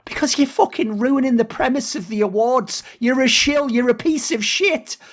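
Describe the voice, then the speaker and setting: A man hosting a talk video, ranting fast with profanity and sarcasm, often mocking others in put-on voices. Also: extremely high pitch, fairly bright tone. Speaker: esports commentator and video host. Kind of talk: animated ranting commentary.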